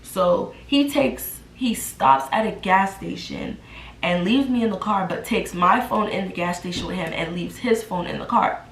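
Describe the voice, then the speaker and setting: Animated young woman telling a story. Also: medium pitch, normal speed. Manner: animated, acts out the quotes. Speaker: vlogger. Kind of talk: casual storytime. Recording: roomy echo.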